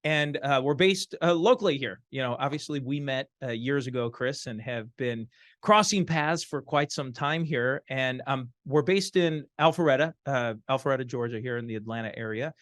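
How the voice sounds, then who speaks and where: A man from the Chicago area being interviewed as a guest in a studio, answering in a friendly, measured way with many fillers. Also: medium pitch, fairly bright tone, no echo. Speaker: guest, franchise consultant. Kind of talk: casual interview.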